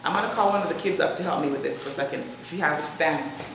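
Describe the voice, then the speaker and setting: A woman's voice: low voice, fast talker. A woman fitness instructor leading a live exercise demo, counting down and urging her group on. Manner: energetic coaching, counting down and urging. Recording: echoey distant room recording with noise.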